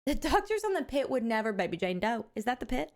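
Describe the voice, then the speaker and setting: A woman live streamer talking with her chat in a relaxed, unscripted way. Her voice sits a little on the high side, and she is animated and candid, laughing often and swearing without a second thought. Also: quick pace. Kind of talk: casual chat with viewers.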